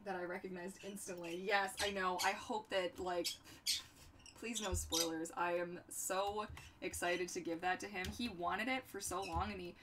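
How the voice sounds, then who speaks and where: A young woman hosts a crafting livestream with a lowish, steady voice at normal speed, a bit bright in tone. She's bubbly and goofy, chats casually, and talks to her pets, with a distant mic and slight background noise.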